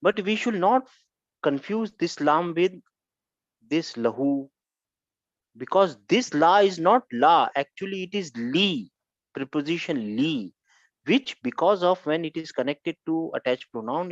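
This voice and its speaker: A fairly high-pitched man teaching a grammar class, going back over each point and pausing to ask whether everyone follows. The recording is dry and dull, with a lo-fi sound. His tone stays patient and steady. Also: dry recording. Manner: repetitive, keeps checking with "Huh?". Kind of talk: online grammar lesson.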